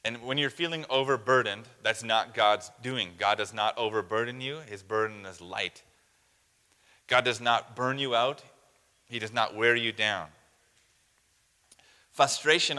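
Preacher, male, earnest and questioning, lowish bright voice, reverberant church hall. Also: moderate pace. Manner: earnest, asks the listeners direct questions. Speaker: pastor. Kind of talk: sermon.

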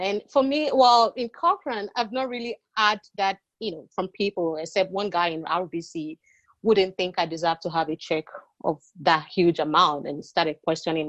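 A woman who immigrated to Canada, sharing her experiences as a podcast guest in a lively storytelling way. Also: lowish voice, no room sound, dull audio. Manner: animated, acting out quoted exchanges. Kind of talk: personal storytelling.

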